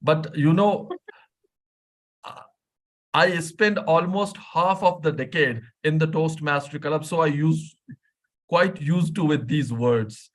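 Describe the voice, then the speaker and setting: A man with a Pakistani accent whose first language is Urdu gives a short speech at a club meeting. His voice sits slightly high. He speaks very slowly, stopping and restarting as he searches for words, and is self-deprecating about his English. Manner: slow, hesitant, self-deprecating.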